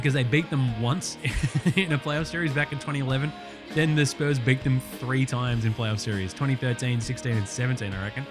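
An Australian man hosting a podcast, swearing and joking through casual sports chat. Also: fairly high pitch. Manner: profane, joking banter. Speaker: podcast host.

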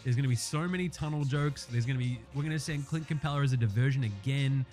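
A man's voice: medium pitch, fast talker, a little mellow, soft background music. A man hosting a casual sports picks show, swearing freely and getting heated as he calls each game. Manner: profane, fired-up, ranting. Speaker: sports podcast host.

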